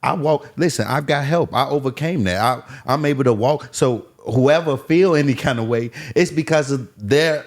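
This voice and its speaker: A man's voice: mid-range voice, normal speed, hardly any pauses. A man as a podcast guest, earnestly telling his life story and repeating phrases for emphasis. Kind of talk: candid personal story.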